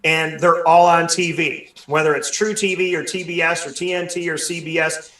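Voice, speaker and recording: A man hosting a sports talk show, speaking in an animated way with many restarts. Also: fairly high pitch, normal speed, reverberant, far from the mic. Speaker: sports radio show host. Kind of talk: casual discussion, hosting.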